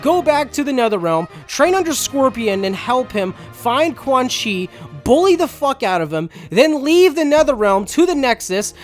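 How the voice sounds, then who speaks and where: A man's voice: very high-pitched, sing-song, normal speed, hardly any pauses, faint music behind. A man giving a casual, sarcastic, profanity-laced recap of a game story as a reviewer.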